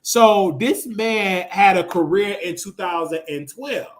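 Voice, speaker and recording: A man in his thirties hosting a casual commentary show, talking emotionally and bursting into loud exclamations. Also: sits high, takes it slowly. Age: 30s. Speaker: show host.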